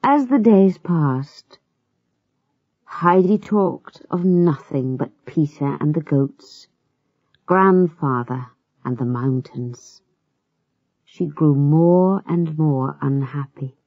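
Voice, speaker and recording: Slow, expressive woman storyteller. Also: low voice, dry recording. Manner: measured, expressive. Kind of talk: storybook reading for learners. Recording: muffled with faint music.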